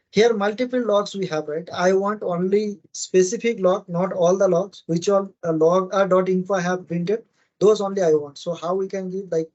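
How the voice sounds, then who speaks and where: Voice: medium pitch, a little mellow, highs cut off. A speaker giving a casual screen-share tech tutorial, often checking in with the viewers. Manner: casual, often asks "right?" and addresses "guys". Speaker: cloud tech tutorial instructor.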